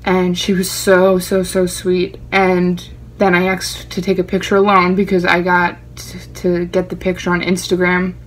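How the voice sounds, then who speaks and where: A young woman vlogging in a casual chat, talking in an excitable, rambling and gushing way. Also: lowish voice, normal speed, few pauses, slight background noise.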